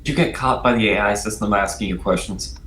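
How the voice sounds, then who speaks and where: A man's voice: on the low side, quick pace, roomy sound, a crowd in the background. A man playing a tabletop game, asking questions and offering practical suggestions. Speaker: player.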